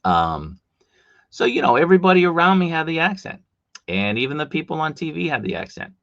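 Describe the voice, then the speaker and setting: A man's voice: on the high side, sing-song, brisk, fairly bright tone, no echo, dull audio. A man with a Boston accent hosting a casual live stream, rambling through chat comments with plenty of fillers. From Boston, USA.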